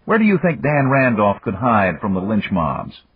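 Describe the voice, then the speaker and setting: A man plays a calm but insistent female president for an audiobook, pushing his voice into a lighter register with an exaggerated performance. His pitch is fairly low yet swings widely, the speed is normal and the tone slightly rough. The mood is firm and lecturing, captured dry on a dull lo-fi recording.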